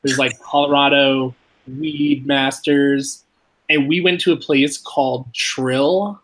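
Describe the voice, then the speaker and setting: Casting note: a man with an average-pitched voice as podcast host, rambling casual storyteller, swears a lot, heavy on "like". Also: takes it slowly, rough recording. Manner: rambling, swears freely, lots of "like" fillers; animated, jumps higher when quoting himself. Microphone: podcast mic.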